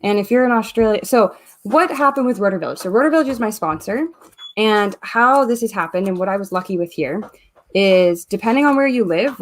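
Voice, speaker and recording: A Canadian woman hosting a live stream, chatting casually and reading viewer comments aloud as she works. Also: medium pitch. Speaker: host of a live giveaway stream.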